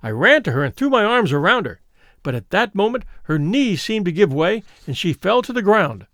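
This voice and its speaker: A man reading the part of a frightened young woman who recounts her twin sister's death, in an earnest, measured storybook telling. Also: high voice, sing-song, fairly bright tone, dry recording, clean studio sound, heavily acted. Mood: fearful. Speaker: audiobook reader.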